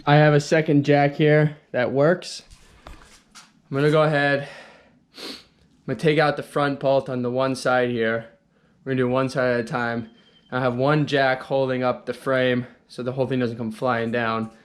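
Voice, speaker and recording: A man's voice: medium pitch, level tone, normal speed, clean tone. A young man who runs a car repair channel, chatting casually and thinking aloud as he works under a car. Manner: talks while working, thinks aloud. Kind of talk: casual hands-on explanation.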